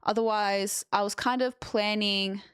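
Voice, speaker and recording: A woman's voice: mid-range voice, fairly even intonation, a little slow, a bit bright, clear, resonant tone, no room sound. A young woman streamer chatting casually with her viewers and answering chat on a close mic.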